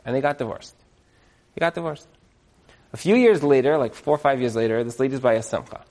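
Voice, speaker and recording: A man speaking to an audience, telling a story in a chatty, animated way with lots of fillers and repeated words. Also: medium pitch, brisk. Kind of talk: lively storytelling talk.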